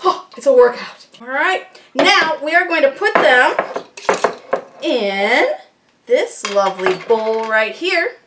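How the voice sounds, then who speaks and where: A woman's voice: sits high, expressive, takes it slowly, recorded from a distance, very noisy. Chatty woman demonstrating in her kitchen. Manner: chatty, upbeat, self-deprecating asides. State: slightly out of breath at times. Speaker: homesteading channel host. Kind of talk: casual how-to demonstration. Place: home kitchen.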